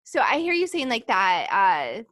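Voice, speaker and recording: A woman's voice: a little high, very animated, unhurried, fairly bright tone, no room sound, clean studio sound. A woman hosting a podcast, chatting in an upbeat, enthusiastic way with many casual fillers. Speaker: podcast host. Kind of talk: casual interview chat.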